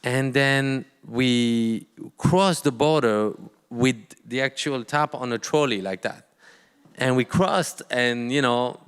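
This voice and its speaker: A man, a guest artist telling a story on stage, halting often and acting out quoted dialogue. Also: mid-range voice, fairly bright tone, clear, resonant tone, long reverb tail. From France. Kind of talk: storytelling in a live talk.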